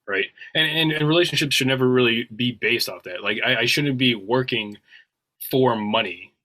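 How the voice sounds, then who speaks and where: Bright-voiced earnest male podcast host. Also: medium pitch, normal speed, rough recording. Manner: earnest, ends points with a questioning "right?". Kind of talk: casual podcast chat.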